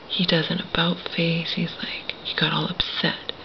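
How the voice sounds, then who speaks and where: A woman speaking to the camera in a hushed, gravelly whisper. Her voice sits low, and she swears bitterly as she talks. The recording is dull and lo-fi, with a faint hiss underneath. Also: flat delivery, unhurried. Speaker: vlogger. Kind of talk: whispered personal monologue.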